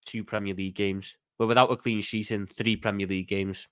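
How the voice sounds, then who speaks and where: Calm co-host guy, low but bright voice, patiently explaining the table. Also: a little fast, clear, resonant tone, no echo, clean studio sound. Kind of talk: casual football chat.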